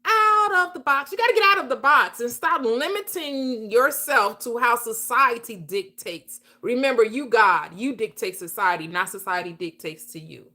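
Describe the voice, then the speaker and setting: Woman, livestream host, motivational talk, preachy and emphatic, bright tone. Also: fairly high pitch, moderate pace, few pauses. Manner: emphatic, preachy, laughing often.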